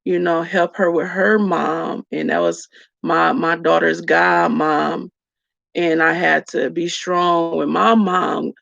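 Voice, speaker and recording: Woman vlogger, gravelly, venting to her live chat; dull dry lo-fi sound. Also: fairly low pitch, a bit bright, no room sound. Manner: raw, emotional, addresses viewers as y'all. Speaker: vlogger talking to live viewers. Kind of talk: candid story-time livestream chat.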